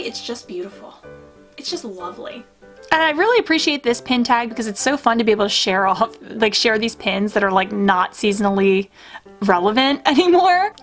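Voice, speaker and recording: A woman's voice: a little high, fairly bright tone. A young adult woman chatting enthusiastically in a casual show-and-tell vlog, gushing over items from her collection. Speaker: pin collecting YouTuber.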